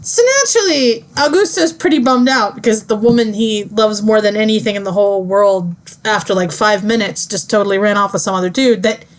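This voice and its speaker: A woman's voice: mid-range voice, a little fast, few pauses. A young woman student giving a chatty, casual book summary, full of fillers. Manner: chatty, lots of fillers, breezy.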